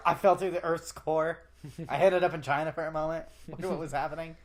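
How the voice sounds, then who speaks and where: A male podcast co-host in relaxed, casual conversation. He jokes around, teases his co-host, and laughs easily between remarks. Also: on the high side, brisk. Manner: joking, laughs often, playful teasing. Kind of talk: casual chat.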